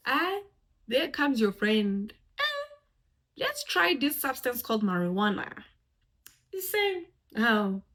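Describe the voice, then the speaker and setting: Woman, casual vlog talk, expressive swings between loud bursts and near-whispers, mid-range voice. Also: medium pitch, slightly rough. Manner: animated, expressive, swings from loud exclamations to hushed asides. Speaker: vlogger giving life advice.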